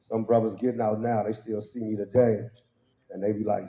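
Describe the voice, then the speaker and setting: A man giving a humorous storytelling testimony at a church service, acting out voices and laughing along with his own punchlines. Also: a little fast. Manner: animated, acts out quoted voices with sudden high pitch jumps. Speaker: guest speaker at a worship service. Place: church hall. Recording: roomy, slightly dull hall sound.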